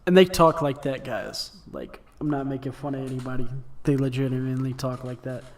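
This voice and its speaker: A man's voice: mid-range voice, fairly quick, distant mic. A man co-hosting a casual podcast, laughing and acting out character lines in goofy voices. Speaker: podcast co-host. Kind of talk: casual chat.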